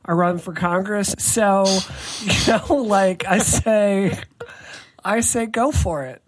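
A podcast co-host talking casually at a middle pitch. The delivery is wry and joking, with blunt, confident opinions. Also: takes it slowly. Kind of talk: casual chat.

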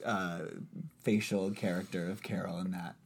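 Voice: sits low, fairly even intonation, moderate pace, creaky, slightly rough. A co-host in a casual chat, giggly and egging the other speaker on to do voices.

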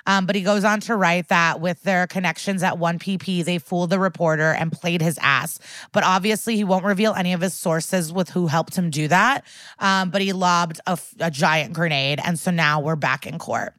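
Blunt, profane woman podcaster, low voice. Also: steady tone, moderate pace, a bit bright, dry recording. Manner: blunt and profane, outraged commentary. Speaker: podcast co-host. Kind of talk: casual chat recapping a TV episode.

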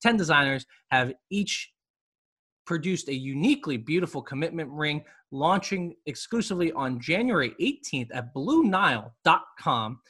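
A man's voice: fairly high pitch, lively intonation, moderate pace, bright, forceful tone, husky. A man hosting a women's basketball podcast, reading ads and chatting casually with jokes and rambling asides. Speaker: podcast host. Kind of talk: casual sports podcast talk and ad reads.

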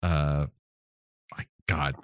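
A man's voice: rumbling low, steady tone, very slow, smooth, no room sound. A man co-hosting a podcast, chatting casually about films, laughing often and reading from his notes. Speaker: podcast co-host. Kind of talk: casual chat.

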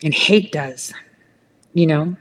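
A woman rants slowly in casual chat, rambling and swearing, and shifts to a higher voice whenever she mimics other people.

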